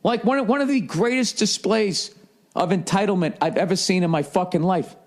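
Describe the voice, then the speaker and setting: A man's voice: high-pitched, moderate pace. A man streaming live, telling a rambling, profanity-laden story in casual chat. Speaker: livestreamer.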